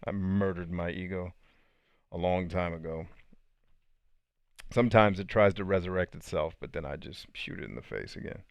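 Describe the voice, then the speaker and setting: A man's voice: low voice, moderate pace, vocal fry, long pauses, clear, resonant tone, no echo, studio quality. A man hosting a podcast and reading out live chat comments in a casual, slangy way, laughing often.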